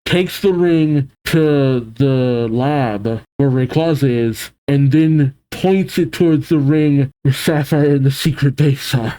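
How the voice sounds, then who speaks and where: Guy doing a comic read-along, mellow voice, gets animated and laughs a lot. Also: fairly high pitch, takes it slowly. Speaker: comic reaction reader. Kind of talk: reading a comic aloud with reactions.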